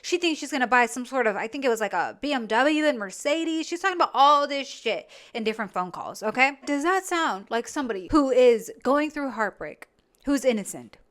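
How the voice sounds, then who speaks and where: A woman with a high, bright-sounding voice delivers commentary on phone call clips. Her tone is sarcastic and exasperated, and she swears as she rants. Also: animated, fairly quick. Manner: sarcastic, exasperated, profane ranting. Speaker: reaction video host.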